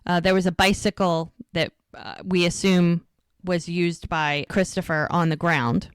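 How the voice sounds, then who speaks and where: Woman podcast cohost chatting thru a recap, smooth clear voice, dry close sound. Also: fairly low pitch, flat delivery, a little slow, dry recording. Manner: chatty retelling with frequent fillers. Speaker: podcast co-host. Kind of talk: casual episode recap.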